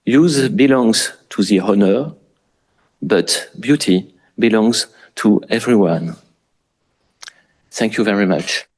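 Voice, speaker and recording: Slow, halting man with a French accent. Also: fairly low pitch. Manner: halting, many fillers and restarts. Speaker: architect giving a lecture. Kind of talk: public lecture.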